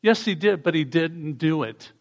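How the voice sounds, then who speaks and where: Gravelly-voiced man preaching. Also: on the high side, lively intonation, normal speed. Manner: reads passages aloud and leads call-and-response. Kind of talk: sermon reading scripture with congregation responses.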